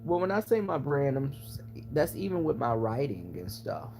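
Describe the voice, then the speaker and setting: Lively, gravelly man chatting slowly. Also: medium pitch, slight background noise. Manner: chatty, gossipy, frank opinions. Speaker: YouTuber answering viewers. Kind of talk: casual live-stream chat.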